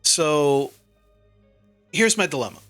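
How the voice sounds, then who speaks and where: A man's voice: on the high side, expressive, slow pace, fairly bright tone, faint music behind. Man doing a blunt retired old-timer. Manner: rambling, full of fillers.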